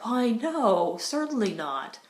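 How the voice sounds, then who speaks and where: A woman reading an audiobook, voicing a young, brawny Western man with a lower, husky voice and a mild, teasing manner, in a roomy, echoey recording. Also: big pitch swings, slow pace, a little mellow. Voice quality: deeper and husky. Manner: mild, teasing and half sad. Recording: roomy echo.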